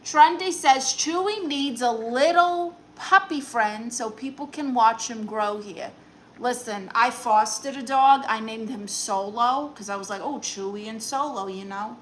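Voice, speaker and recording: Bright, brassy Brooklyn woman. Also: fairly high pitch, a little slow, a little hiss or hum. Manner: brassy, sassy, teasing banter. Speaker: comedian reading live chat comments. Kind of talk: live-stream chat in a sassy aunt persona.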